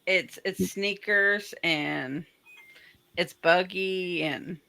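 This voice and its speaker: Bright, low-pitched woman from the South. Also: extremely slow, vocal fry. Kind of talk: casual podcast chat.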